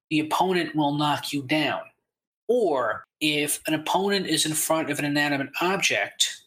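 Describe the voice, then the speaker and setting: A man's voice: a little high, pushed and bright, low-quality recording. A man reviewing a video game as a podcast guest, explaining eagerly.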